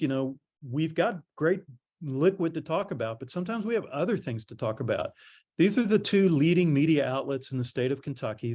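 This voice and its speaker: A middle-aged man giving a conference presentation on public relations, telling stories in a relaxed, conversational way. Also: medium pitch. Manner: conversational storytelling, animated quoting.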